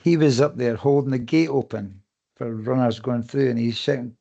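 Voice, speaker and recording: A relaxed man, talking at an average pitch. He tells stories casually on a podcast and swears now and then. His tone stays easygoing throughout. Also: moderate pace, gravelly, lo-fi sound. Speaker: podcast co-host and race runner.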